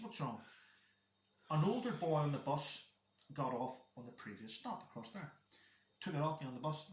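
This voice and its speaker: A man chatting casually as a guest, telling a rambling story about his son and acting out the dialogue. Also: medium pitch. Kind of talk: casual chat. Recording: echoey room.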